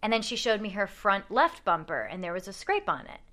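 Young woman, casual chat, animated storytelling, fillers, bright tense voice. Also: medium pitch, fairly quick. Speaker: podcast guest telling a story.

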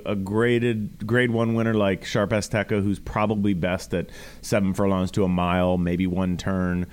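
Low-voiced, coughing radio host man. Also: flat delivery, normal speed, a little mellow, clear, resonant tone. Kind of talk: casual radio chat.

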